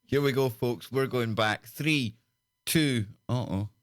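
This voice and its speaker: Taking things slowly, a jokey host from Scotland runs a call-in radio program at a middle pitch, greeting each listener with playful banter. His voice comes through dry and close, with no echo and almost no room around it.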